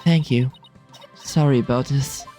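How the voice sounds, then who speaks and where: A man's voice: medium pitch, a little slow, mellow, soft background music, close to an everyday voice. Man voicing an earnest defense attorney, plain, slightly exasperated, game voice. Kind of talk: casual game dialogue reading.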